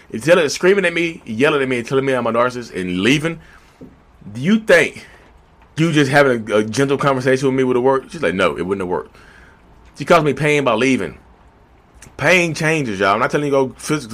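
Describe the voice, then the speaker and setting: A man's voice: medium pitch, a bit bright. A man talking casually and animatedly to his viewers at a standing desk, a little out of breath, repeating himself and calling them y'all. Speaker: vlogger. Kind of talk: casual talk to camera.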